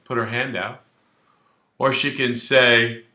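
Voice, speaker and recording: A man who is a criminal defense attorney, explaining the law straight to camera in a brash, animated way and acting out little scenes. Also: mid-range voice, takes it slowly, reverberant. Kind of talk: direct-to-camera legal explainer.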